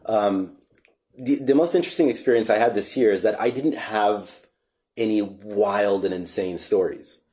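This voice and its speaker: A man hosting a podcast, chatting in a relaxed, reflective way with casual swearing. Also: lowish voice, moderate pace. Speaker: podcast host. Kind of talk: casual chat.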